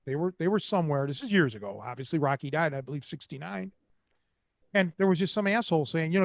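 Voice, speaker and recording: An older man from Cleveland, Ohio, hosts and tells rambling, streetwise stories in a casual way, quoting other people in their voices. His voice is high and expressive, and he talks at a quick pace. The recording is dry, with clean studio sound.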